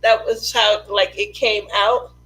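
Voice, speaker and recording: A woman's voice: mid-range voice, little pitch movement, takes it slowly, fairly bright tone, poor audio. A woman who hosts a craft live stream, telling family stories in a chatty way and laughing often. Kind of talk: casual storytelling chat.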